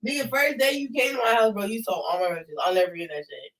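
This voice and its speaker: Young man from California, Californian accent, casual storyteller, animated and profane. Bright tone, sits back from the mic. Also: high voice, fast, distant mic, rough recording. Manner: animated, swears a lot, shouts when riled.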